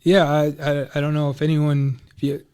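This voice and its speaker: Guest, male, pitched a touch high; loose, rambling storyteller. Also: flat delivery, normal speed, a little mellow, clear, resonant tone. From Minneapolis, USA. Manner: loose and rambling, heavy on "like" and "you know". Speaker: podcast guest. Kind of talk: casual personal storytelling.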